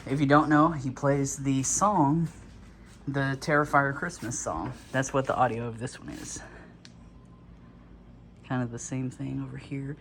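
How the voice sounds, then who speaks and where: A man's voice: mid-range voice, steady tone, unhurried, long pauses, a bit bright, a little hiss or hum. A man casually talking through an unboxing at home, a bit out of breath, rambling with lots of fillers and little chuckles. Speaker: vlogger.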